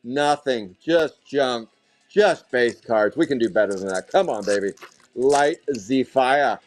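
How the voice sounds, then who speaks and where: A man hosting a live card break, calling out hits in a hyped, rapid, joking way while out of breath. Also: medium pitch, animated, slight background noise.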